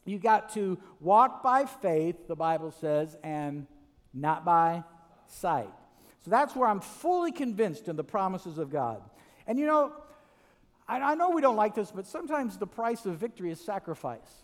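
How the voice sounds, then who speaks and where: A male preacher giving a lively sermon, telling stories with restarts and frequent "right?" asides. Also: high-pitched, unhurried, in a large hall. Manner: animated storytelling with many restarts and "right?" asides.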